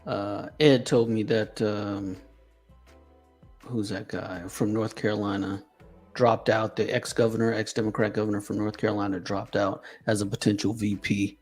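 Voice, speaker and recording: A man's voice: on the low side, little pitch movement, normal speed, darkish tone, faint music behind. A man hosting with wry, offhand asides in casual chat.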